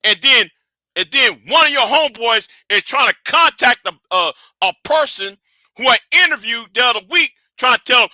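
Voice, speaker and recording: Animated high-voiced man ranting. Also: moderate pace, no echo. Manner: animated, profane, scolding; swings from shouting to hushed. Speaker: livestream host. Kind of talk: heated livestream rant.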